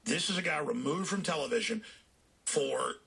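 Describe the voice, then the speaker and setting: Man, talk host, raspy gravelly voice, fiery rant, bright forceful tone, higher pitched. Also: lively intonation, moderate pace. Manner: fiery, ranting, swings into shouting. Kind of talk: political rant.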